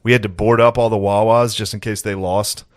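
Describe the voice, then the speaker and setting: Male podcast co-host, 30s, low voice, deadpan and offhand delivery, dry close-mic sound. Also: brisk, no echo. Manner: deadpan, offhand, swears a lot. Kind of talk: crude comedic banter.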